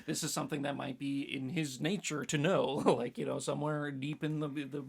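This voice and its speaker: A man's voice: a little high, flat delivery, moderate pace, vocal fry, a crowd in the background. A man co-hosting a casual podcast, chatting in a jokey way. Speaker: podcast co-host. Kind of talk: casual chat.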